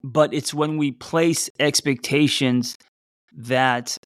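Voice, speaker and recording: A middle-aged man talks through relationship advice in a loose, unscripted way. He stumbles, restarts and jokes at his own expense. His voice sits at a middle pitch and sounds close and dry. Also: fairly even intonation, slow, no echo. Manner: loose and conversational, many fillers and restarts, reading out audience replies. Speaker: podcast host. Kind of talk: casual relationship advice talk.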